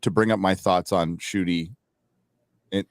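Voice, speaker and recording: A man with a fairly low voice chats on a podcast, recorded close and dry with no room sound. He keeps up mocking, quick-witted banter with his co-hosts. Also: fairly even intonation, no echo. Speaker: podcast co-host. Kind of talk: casual reaction chat.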